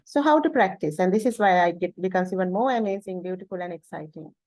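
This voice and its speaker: A woman leading a meditation lesson, speaking slowly with long deliberate pauses, soft fillers and gentle self-corrections. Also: fairly low pitch, animated, no room sound, low-quality recording. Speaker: meditation teacher. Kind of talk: guided meditation talk.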